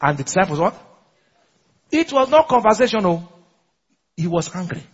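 Casting: husky male pastor, high animated voice, call-and-response sermon in a muffled echoing hall. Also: moderate pace. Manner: preaches with call-and-response questions and laughs often. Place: large church hall. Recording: muffled recording in a large echoing church hall.

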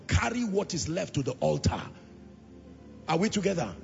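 A male preacher delivering an impassioned sermon, repeating lines and swelling into shouts and half-sung phrases. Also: high-pitched, sing-song, moderate pace, vocal fry. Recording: reverberant hall, dull lo-fi sound, music behind.

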